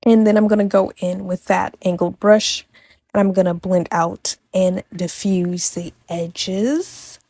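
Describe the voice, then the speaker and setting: A woman's voice: medium pitch, fairly even intonation, slow, dark tone, no echo. A young adult woman talking through a makeup tutorial in a casual, chatty way, tossing in playful asides and correcting herself as she goes. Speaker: makeup vlogger.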